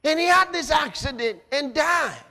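A man preaching a sermon, swinging between hushed passages and shouting. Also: very high-pitched, lively intonation, normal speed. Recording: reverberant hall.

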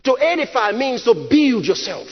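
A man preaching with dramatic emphasis, his voice sitting very high and swinging widely in pitch. He shouts key lines and repeats them for effect. The sound is muffled and carries a long hall reverb. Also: sing-song, normal speed. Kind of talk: sermon.

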